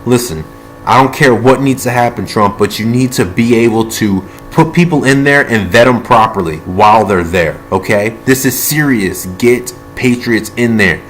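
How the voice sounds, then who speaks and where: A man's voice: medium pitch, normal speed, soft background music. A man from the United States delivering a heated, rambling political monologue. He repeats himself, restarts sentences, swears now and then, and speaks from among his tools. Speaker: political video blogger.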